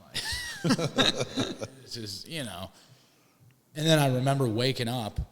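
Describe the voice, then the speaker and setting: A man's voice: medium pitch, wildly swooping pitch, takes it slowly, big-room sound. A young man telling a rambling story with lots of swearing and restarts on a casual podcast. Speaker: podcast co-host.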